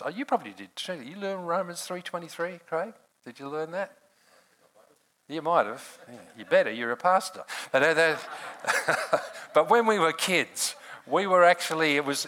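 A man's voice: medium pitch, a bit bright, poor audio. An older man preaching a sermon in a conversational way, laughing often and calling on people in the room by name.

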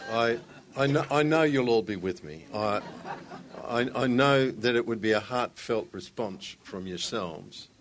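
A man's voice: medium pitch, measured pace, a little hiss or hum. A man, a guest speaker who opens a church talk with a joke and tells it in a folksy, conversational way. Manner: folksy storyteller, conversational, some restarts. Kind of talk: sermon with joke.

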